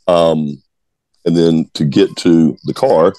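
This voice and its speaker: A man's voice: deep voice, steady tone, slow pace, warm tone, dry recording. A man in his forties from Georgia, a former ballplayer telling blunt, profane stories as a guest in a casual interview. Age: 40s. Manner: blunt, profane, repeats words when restarting. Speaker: guest, former baseball player.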